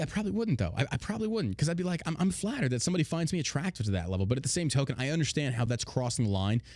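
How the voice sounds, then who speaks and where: A man hosting a podcast, talking in a blunt, heavily profane casual rant with loud, mocking outbursts. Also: medium pitch, no room sound, studio quality. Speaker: podcast host.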